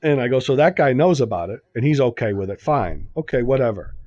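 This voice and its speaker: A man's voice: mid-range voice, animated, quick pace, warm tone, no room sound, lo-fi sound. A man on a casual podcast, telling a rambling anecdote full of quoted back-and-forth and repeating himself. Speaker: podcast co-host. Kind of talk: casual chat.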